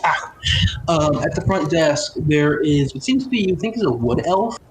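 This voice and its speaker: A man's voice: a little high, animated, moderate pace. Rambling young man running a tabletop game. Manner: rambling, filler-heavy narration. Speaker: game master. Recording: echoey room with noise.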